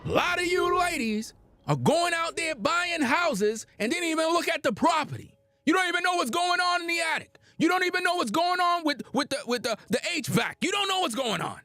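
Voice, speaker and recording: A man's voice: extremely high pitch, animated, brisk, bright, forceful tone, no room sound. A man giving blunt, preachy reaction commentary on a livestream, lecturing his audience in casual slang.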